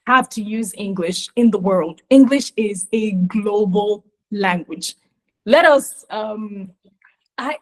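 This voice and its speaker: A woman from Nigeria, giving an emphatic, animated webinar talk on pronunciation. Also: mid-range voice, poor audio. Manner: emphatic, animated, often acts out mispronunciations.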